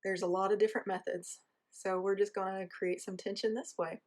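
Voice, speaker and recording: A woman's voice: mid-range voice, level tone, brisk, darkish tone. Chatty Southern woman teaching bread shaping. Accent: rural American Southern. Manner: chatty, self-deprecating, talks while kneading dough. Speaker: home baker teaching. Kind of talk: casual how-to demonstration.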